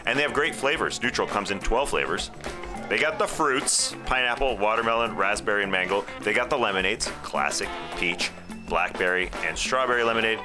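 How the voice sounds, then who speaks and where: A man co-hosting a podcast, reading an ad in an upbeat, playful sales pitch. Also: fairly quick. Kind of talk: host-read ad. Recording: music bed playing behind.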